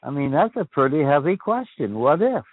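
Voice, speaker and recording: An older man hosts a call-in chat, pondering big questions aloud and tripping over his own restarts. His voice sits a little high and swings widely. It comes through dry and narrow, like a phone line. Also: very animated, moderate pace, husky, no echo. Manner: ponderous, repeats and restarts phrases. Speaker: call-in show host.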